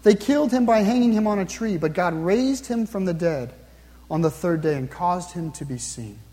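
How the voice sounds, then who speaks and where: A man preaching with an earnest, searching manner, pressing his listeners again and again and slowing down when he reads scripture. His voice sits high yet mellow. A long reverb trails after his words, as in a large hall. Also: lively intonation. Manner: earnest, repeats questions to the listener, slows down to read scripture. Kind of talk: sermon.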